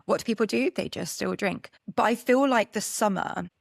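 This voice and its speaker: A woman's voice: mid-range voice, moderate pace, creaky, no room sound, clean studio sound. A woman from Britain co-hosting a casual podcast, explaining her points in a chatty, emphatic way. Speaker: podcast co-host.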